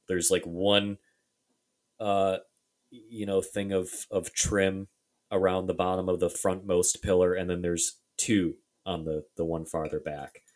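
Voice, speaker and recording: Deep-voiced man, halting podcast chat. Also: a little mellow. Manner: halting, many fillers and restarts. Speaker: podcast co-host. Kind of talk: casual podcast discussion.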